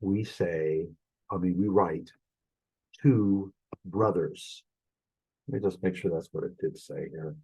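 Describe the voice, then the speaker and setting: Slow, husky male Greek teacher. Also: low-pitched, dark tone, poor audio. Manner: thinking aloud, stops to correct himself. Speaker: Greek instructor. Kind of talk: recorded classroom lesson.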